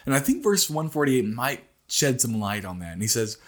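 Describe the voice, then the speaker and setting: A middle-aged man hosting a casual morning devotional, teaching through scripture in an earnest way that speeds up and slows down. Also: medium pitch, big pitch swings. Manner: earnest, speeds up and slows down, rises when acting out a cry.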